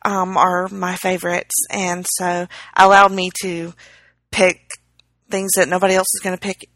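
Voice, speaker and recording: A woman's voice: lowish voice, little pitch movement, unhurried, fairly bright tone, dry recording. Wry woman co-hosting, dry close sound. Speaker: podcast co-host. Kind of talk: casual chat.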